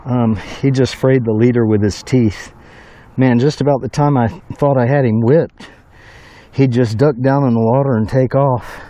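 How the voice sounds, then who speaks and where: Excitable middle-aged fisherman whooping outdoors. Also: mid-range voice, normal speed. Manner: excitable, whooping, folksy storytelling. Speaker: fishing vlogger. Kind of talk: casual fishing commentary. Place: outdoors on a bridge at night.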